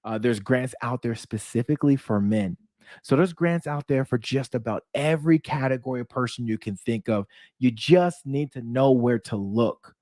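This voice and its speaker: A man coaching small-business owners, telling his story in a lively, casual way and speaking straight to his viewers. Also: medium pitch, moderate pace, no echo, studio quality. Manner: energetic, storytelling, addresses viewers as "you guys". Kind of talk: casual talk to camera.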